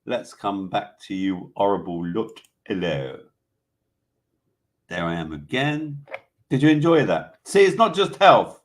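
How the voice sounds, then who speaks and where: A man's voice: on the low side, animated, moderate pace. A British man hosting a casual live online show, reading out animal facts and viewer comments in a chatty, joking way. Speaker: host. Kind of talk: casual live-stream chat.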